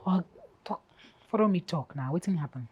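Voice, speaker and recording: A hurt, jealous young woman with a Nigerian Pidgin accent in a film drama. Her voice is a little low and very husky, and she talks in an accusing, pleading way. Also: lively intonation, moderate pace, lo-fi sound. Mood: reproachful. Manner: accusing, emotional pidgin talk.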